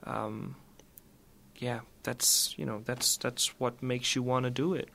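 A man's voice: medium pitch, steady tone, slow pace, vocal fry, a bit bright, slight background noise. A man from Denmark, a musician guest talking casually in an interview and rambling through lots of fillers. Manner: rambling, filler-heavy, laughs easily.

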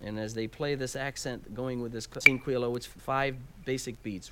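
A man's voice: mid-range voice, fairly even intonation, moderate pace, few pauses. A man teaching Latin percussion, explaining each instrument step by step and counting out beats aloud. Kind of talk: instructional demonstration. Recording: loud background noise.

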